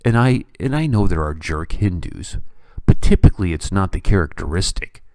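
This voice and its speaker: A man hosting a talk show, giving opinionated political commentary in an animated, sarcastic and incredulous way. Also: sits low, moderate pace, no echo. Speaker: podcast host.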